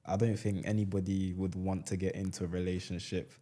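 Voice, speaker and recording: A man, giving his measured views in casual podcast chat. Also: sits low, flat delivery, mellow.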